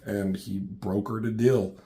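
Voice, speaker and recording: A man's voice: on the low side, little pitch movement, unhurried, dark tone. A man casually recapping a comic book, rambling and profane, full of ums and side comments.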